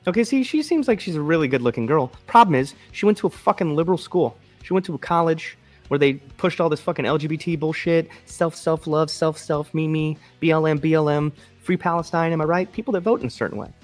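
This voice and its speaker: A man's voice: fairly high pitch, fast, faint music behind. A man hosting a political commentary show alone, reading news articles aloud and breaking off to rant in a profane, sarcastic way. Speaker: host.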